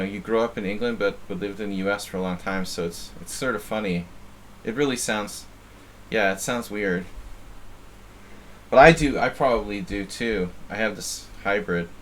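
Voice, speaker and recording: A man from New Jersey, USA, gives casual live-stream chess commentary, thinking aloud and often repeating words as he muses. His voice is lowish and a bit bright, with a little hiss or hum.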